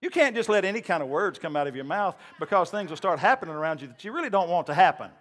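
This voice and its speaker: A male pastor preaching a sermon, telling folksy stories and then climbing into loud, shouted preaching. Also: sits high, big pitch swings, fast.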